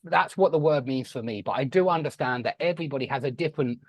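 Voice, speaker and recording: A man's voice: medium pitch, quick pace, no room sound. A man with a London accent, chatting and telling stories as he runs an English conversation class. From London area, England. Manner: chatty, animated storyteller.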